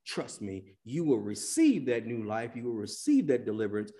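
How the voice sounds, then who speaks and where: A man's voice: medium pitch, very animated, normal speed, few pauses. Male pastor, mid-range voice, dynamic sermon delivery with big swings in volume. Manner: dynamic preacher, swings between loud emphasis and hushed drops; acts out quoted voices in colloquial speech.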